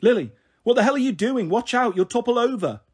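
Man doing a high-pitched, sharp-tongued storybook mum, careless and teasing. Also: sing-song, brisk, slightly rough, heavily acted. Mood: alarmed. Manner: loud, sharp, bantering. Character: brash, careless young mother, teasing and scolding. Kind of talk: audiobook reading.

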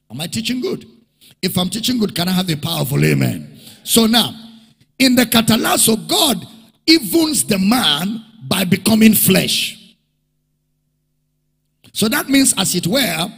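High, animated gravelly-voiced male preacher. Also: unhurried, pauses often. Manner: emphatic, repeats key phrases, calls for audience response. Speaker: pastor. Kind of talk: sermon. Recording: long hall reverb.

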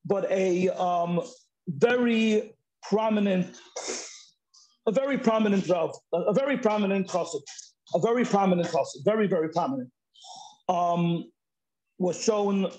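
High-voiced man talking on a video call. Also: darkish tone, low-quality recording. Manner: halting, restarts often, mixes in Yiddish and Hebrew terms. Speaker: Zoom discussion participant. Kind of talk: casual chat.

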